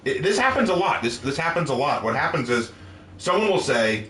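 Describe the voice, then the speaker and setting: A man chatting casually on a livestream Q&A, with a bright, forceful voice that rises and falls a lot. He explains history in a relaxed way with plenty of fillers. He sounds a little off the mic, in an echoey room with faint background noise. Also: fairly high pitch, a little fast, far from the mic. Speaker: co-host.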